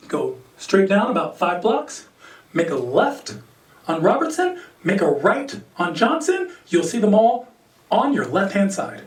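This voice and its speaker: This American comic speaks a little slowly, jumping into sudden high voices for his characters and laughing along with his own jokes. His lively set is picked up by a far-off stage mic, giving a roomy, distant sound.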